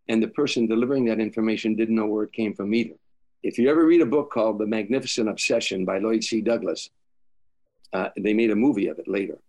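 Older man telling stories, low voice. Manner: animated storyteller, acts out quotes, stammers and restarts. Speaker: comedian telling stories as a guest. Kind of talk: storytelling interview.

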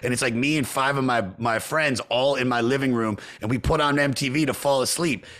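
A man from Maryland hosting a podcast, chatting excitedly and casually with his guest. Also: medium pitch, fairly quick. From Montgomery County, Maryland. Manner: excitable, keeps saying "dude". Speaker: podcast host.

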